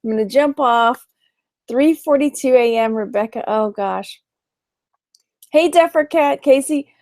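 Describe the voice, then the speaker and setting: On a late-night live stream, a tired online reseller with a Texan accent chats casually and greets viewers by name as she goes. Her voice is high and darkish, her pace unhurried, and the studio-quality audio has no echo.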